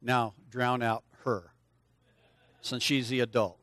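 A slow-paced older man with a mid-range voice preaches to kids during a church service. In a lively, coaxing manner he leads the children's lesson, talking directly to them and inviting them to participate by answering out loud. The recording is dry.

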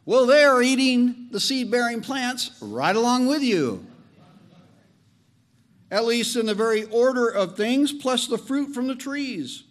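A man preaching a sermon as pastor, animated and joking, leaning on slow emphatic phrases. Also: extremely high pitch.

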